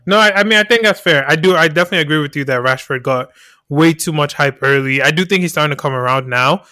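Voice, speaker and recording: Fast-talking bright-voiced man hosting. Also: a little high, dry recording, studio quality. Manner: quick, upbeat, leads the talk with questions. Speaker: podcast host. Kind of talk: casual chat.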